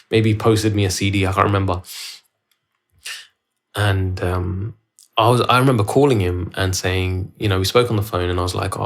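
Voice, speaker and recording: A man hosting his own podcast, telling a story in a rambling, loose way with many restarts. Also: fairly low pitch. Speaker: podcast host. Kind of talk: casual solo podcast storytelling. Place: at home, filming himself.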